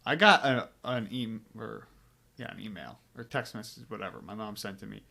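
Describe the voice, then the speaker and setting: A man's voice: lowish voice, normal speed, vocal fry, sharp tone. A young man co-hosting a podcast, chatting in a laid-back, offhand way. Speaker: podcast co-host. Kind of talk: casual chat.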